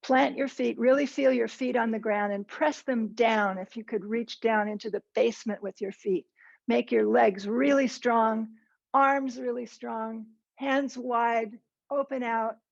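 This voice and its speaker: Woman posture teacher talking slow and calm, bit high voice, guiding stretches step by step. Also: gravelly, echoey room, dull audio. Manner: slow, calm, encouraging cues. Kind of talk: guided movement instruction.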